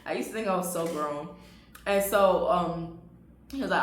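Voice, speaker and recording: A young adult woman vlogger tells a storytime straight to her viewers, calling them y'all, chatting and laughing often. Her voice is lowish with a moderate pace and long pauses, recorded with a roomy echo.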